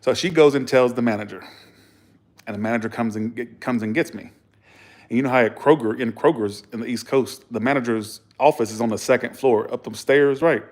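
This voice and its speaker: A man spins stories straight to camera in a loose, casual vlog. He is blunt and profane, acts out the arguments he describes, and chuckles between remarks. His voice sits at an ordinary middle pitch. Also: fairly quick. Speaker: vlogger.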